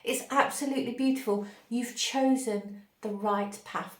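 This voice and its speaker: A woman hosting a spiritual channel, giving an intuitive channeled reading in a dreamy, gushing way, pausing as if to receive words. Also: on the high side, steady tone. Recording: roomy echo.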